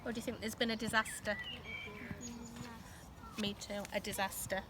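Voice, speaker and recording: A woman teacher reading a storybook aloud to children, expressive and asking the listeners questions along the way. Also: mid-range voice, normal speed, noisy background.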